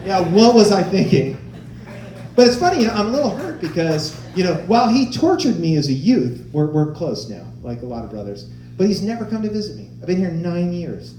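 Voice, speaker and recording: A man in his forties performing stand-up comedy, telling stories in an animated way and acting out the voices of people he quotes. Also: sits high, fairly quick, slight background noise. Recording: roomy live-venue sound.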